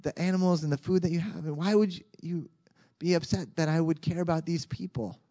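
A man voicing a calm, patient God. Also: on the high side, brisk, natural voice. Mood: gentle. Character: patient, caring male deity speaking gently.

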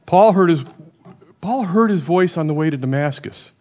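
A middle-aged man giving a sermon in a conversational way, often checking with the listeners by asking "right?" and rising and dropping in loudness for emphasis. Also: a little high, animated, normal speed. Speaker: preacher.

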